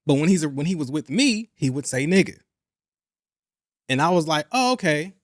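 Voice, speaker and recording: Young male podcast host, high-pitched, animated and blunt, dry close mic. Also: fast talker, no room sound. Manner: animated, profane, repeats himself for emphasis. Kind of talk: casual chat.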